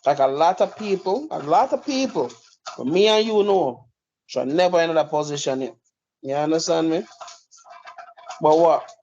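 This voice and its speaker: A man's voice: fairly high pitch, expressive, normal speed, pauses often, a little mellow, slight background noise. A man giving blunt, profane opinionated commentary as a podcast host. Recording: dull lo-fi recording.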